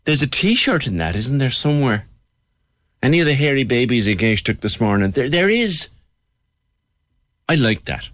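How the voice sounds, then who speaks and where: A man's voice: medium pitch, very animated, moderate pace, pauses often, a bit bright, dry recording. A man with a Cork accent hosting a radio phone-in show, chatty and playful. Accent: Irish, Cork. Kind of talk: casual radio chat. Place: radio studio.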